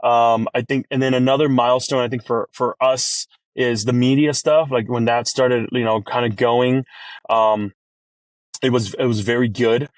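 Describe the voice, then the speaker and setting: A man who owns a restaurant, talking as a podcast guest in an energetic, rambling way and acting out his own quoted lines. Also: medium pitch, moderate pace, no echo. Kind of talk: casual podcast interview.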